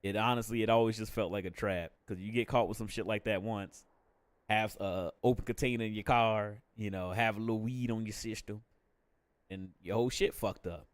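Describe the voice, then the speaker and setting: A man's voice: on the low side, steady tone, brisk, dry recording. A young adult man casually chatting on a live stream, candid and profane, laughing often between thoughts.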